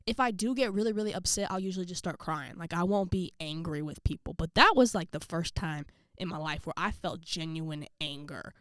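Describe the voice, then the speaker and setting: A young woman telling a personal story to camera in a casual vlog, full of slang, quick asides and quoted voices. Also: on the low side, fairly bright tone, no room sound, studio quality. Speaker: vlogger.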